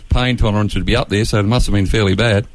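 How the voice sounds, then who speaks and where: A man co-hosting a radio show in a quick, matey way. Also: fairly low pitch, steady tone, background noise. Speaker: radio co-host. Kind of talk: radio interview.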